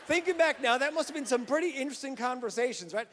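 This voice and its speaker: A man's voice: extremely high pitch, expressive, fast, few pauses, fairly bright tone. A man hosting a comedy festival, telling stand-up jokes in a playful, self-deprecating way. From Newfoundland, Canada. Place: large theater with live audience. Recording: hall reverb, crowd and noise behind.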